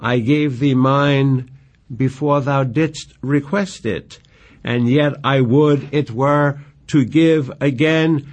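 A man reading Juliet, an earnest young woman in love, in slow tender verse recitation. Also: mid-range voice, steady tone, a little mellow, natural voice.

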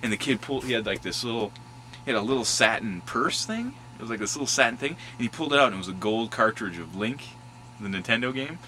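A man's voice: medium pitch, expressive, fast talker, sharp tone, slight background noise, poor audio. A man casually telling childhood stories outdoors at a schoolyard, acting out voices and sound effects and laughing often. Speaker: storyteller revisiting his old school. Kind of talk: casual reminiscing.

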